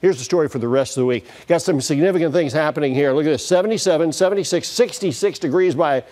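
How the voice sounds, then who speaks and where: A man's voice: on the high side, fast, a little mellow. A man, a TV meteorologist, giving a weather forecast in a folksy, chatty way with dry humor. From United States.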